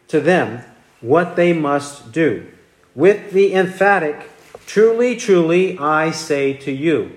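Slow, emphatic high-voiced male preacher. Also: reverberant. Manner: emphatic, repeats key phrases, rhetorical questions. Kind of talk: expository sermon.

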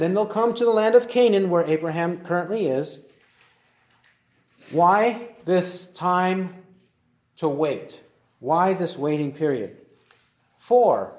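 Guy doing a bible lesson, kinda high voice, reads the verses slow, echoey room. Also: darkish tone. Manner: deliberate, slows to read verses aloud. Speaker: Bible teacher. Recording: roomy echoey recording.

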